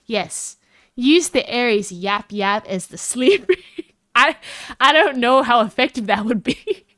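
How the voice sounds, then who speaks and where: A woman's voice: expressive, takes it slowly, a bit bright, no echo, clean studio sound. A woman with an Australian accent, rambling and giggling through casual chat with her live stream audience. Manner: rambling and giggly, with big jumps in pitch.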